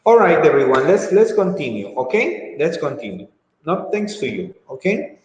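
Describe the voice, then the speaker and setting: A man teaching English grammar in an online lesson, speaking slowly and drawing words out, with frequent mm-hmms. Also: a little high, big pitch swings, a little mellow, dull audio. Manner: slow, drawn-out, with frequent mm-hmms. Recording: echoey room with long reverb.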